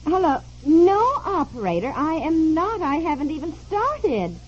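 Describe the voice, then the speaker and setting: An actress playing a chatty, easily flustered wife traveling abroad, in a 1950s radio comedy. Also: female voice, high voice, very animated, unhurried. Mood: flustered chatter. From America. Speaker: wife on a family trip. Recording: dull old radio recording with faint hiss.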